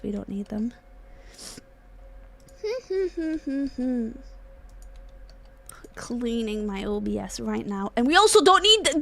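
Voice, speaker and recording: Bright, high-voiced woman streamer. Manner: chatty and joking, with mock-dramatic whining and frequent laughs; swears casually. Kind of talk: casual live-stream chat.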